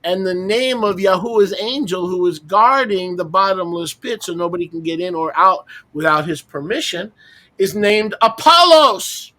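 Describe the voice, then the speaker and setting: A man's voice: sits high, normal speed, hardly any pauses, pushed and bright. A man leading a roundtable Bible teaching, speaking emphatically with rhetorical questions and mocking asides while sharing his screen.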